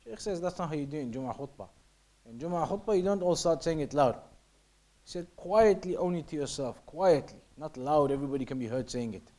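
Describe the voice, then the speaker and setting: Animated and quick, the man's warm, rather high voice carries a religious lesson on Islamic law as he reads passages and explains them in English. He repeats points often and now and then whispers softly to show how things are pronounced.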